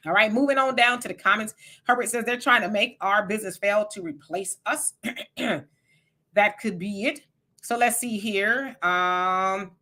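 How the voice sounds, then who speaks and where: A woman's voice: mid-range voice, pushed and bright. A woman hosting a livestream in a casual, chatty way, greeting viewers by name and reading their comments aloud. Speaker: livestream host.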